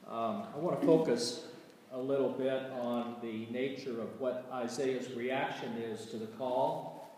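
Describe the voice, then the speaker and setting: A man with a Southern US accent, a pastor giving a sermon and reading scripture in a slow, deliberate way with folksy asides. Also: mid-range voice, mellow. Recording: echoey church hall, mic at a distance.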